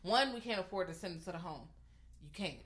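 A woman's voice: on the low side, expressive, quick pace, a bit bright. Blunt, profane woman chatting. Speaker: podcast co-host. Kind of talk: casual movie review chat.

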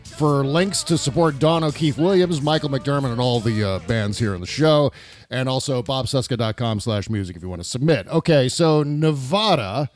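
A man's voice: medium pitch, moderate pace, soft background music. A man hosting a talk show, chatting loosely with plenty of fillers. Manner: loose, filler-heavy, laughs easily. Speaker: host. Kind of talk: casual talk show chat.

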